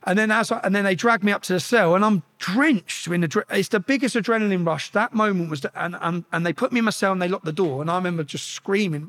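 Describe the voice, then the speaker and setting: A man's voice: high voice, animated, a little fast, fairly bright tone. A man bluntly recounting his experiences as an interview guest, swearing freely and restarting his sentences often. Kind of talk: casual storytelling.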